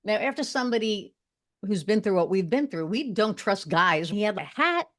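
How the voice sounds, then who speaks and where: A woman from Long Island, a podcast guest, telling a personal story in casual chat and checking in with quick asides. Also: mid-range voice, lively intonation, fairly bright tone.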